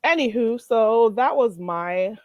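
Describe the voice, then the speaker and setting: Lively, laughing woman livestreamer. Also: a little high, slow pace, highs cut off, very noisy. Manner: animated, laughs often at her own story; blunt and profane. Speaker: livestream host. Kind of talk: casual livestream commentary.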